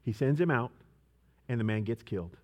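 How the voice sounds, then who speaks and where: A man preaching a sermon, moving between quiet storytelling and loud, emphatic preaching with repeated rhetorical questions. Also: mid-range voice, lively intonation, a little fast.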